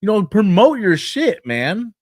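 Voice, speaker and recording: A man co-hosting a casual wrestling podcast, blunt and profane, who mocks promoters in quick put-on voices. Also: high-pitched, very animated, darkish tone, no echo. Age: older than co-host, calls himself old school. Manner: blunt, swears freely, mocks in put-on quotes. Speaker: podcast co-host.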